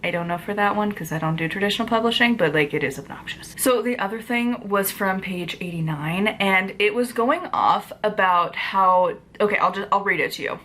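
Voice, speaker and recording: A woman's voice: medium pitch, a little fast, hardly any pauses, fairly bright tone, a little hiss or hum. A woman in a casual vlog book review, mid-rant. She is exasperated, peppers every sentence with "like", and swears freely in her everyday speaking voice. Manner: exasperated ranting, heavy use of "like", casual swearing. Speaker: book reviewer and witchcraft author.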